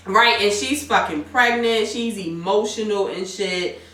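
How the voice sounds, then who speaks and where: A woman casually recapping a TV episode, animated and profane, acting out the characters' lines. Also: mid-range voice, a little slow. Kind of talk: casual chat. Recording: echoey room, far from the mic.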